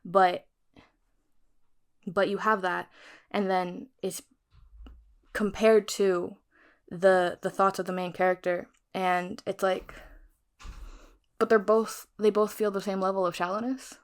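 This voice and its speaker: A woman's voice: mid-range voice, level tone, slow pace, long pauses, clean tone. A young woman vlogger casually recapping a thriller novel, chatty and frank, cursing freely. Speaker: book vlogger. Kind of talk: casual chat retelling a novel.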